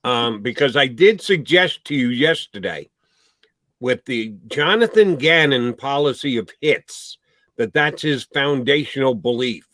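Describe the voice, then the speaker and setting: Male sports analyst, high and bright, challenging and argumentative; dry close mic. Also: expressive, a little slow, no room sound. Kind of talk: casual sports talk.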